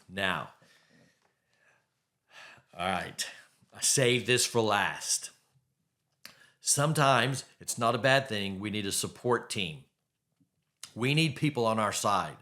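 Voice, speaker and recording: A man's voice: lowish voice, fairly bright tone. Blunt, emphatic man host. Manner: blunt, emphatic, repeats key phrases. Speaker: podcast host. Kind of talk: faith-based advice podcast monologue.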